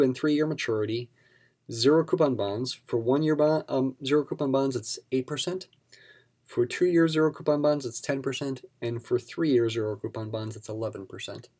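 A man's voice: mid-range voice, a little mellow. A man teaching a recorded math lesson in a patient, explanatory way, repeating key terms for emphasis. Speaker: math instructor.

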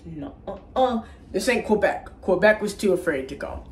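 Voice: medium pitch, lively intonation, normal speed, far from the mic. A casual online reviewer recapping a movie in a rambling, crude and profane way, with frequent restarts. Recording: roomy echo, faint background ambience.

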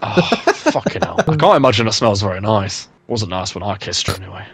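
Brief: gamer, crude teasing humour, deep voice that leaps all over. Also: male voice, big pitch swings, fairly quick, breathy edge. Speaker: gaming friend. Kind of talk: casual gaming chat.

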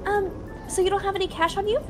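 A woman's voice: very high-pitched, flat delivery, fast, over music. A woman roleplaying in a game, playful and teasing in her tone.

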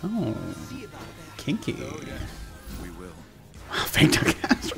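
A man's voice: medium pitch, huge pitch swings, extremely slow. A man swears and jokes his way through a game stream, his voice jumping animatedly up and down. He talks close to a desk mic while faint game music plays behind. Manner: profane, joking, talks to chat. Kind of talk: casual gameplay commentary.

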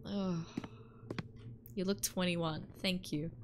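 With background noise behind her, a twenty-something streamer chats slowly with her viewers while gaming, casual and playful and frequently laughing. Her voice is lowish and her intonation fairly even.

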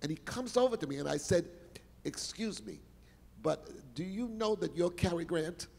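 An older man telling showbiz stories on stage, animated and exclamatory, repeating words for emphasis. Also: a little high, normal speed, gravelly, long reverb tail, slight background noise. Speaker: guest performer telling stories. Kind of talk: animated storytelling interview. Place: stage in a large hall.

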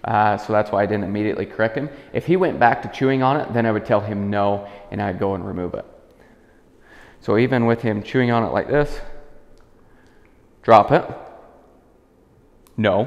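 Male dog trainer, calm explainer, low gravelly voice, echoey room with a long tail. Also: fast talker. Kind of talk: instructional demonstration. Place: indoors in a house. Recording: echoey room with long reverb, dull lo-fi sound.

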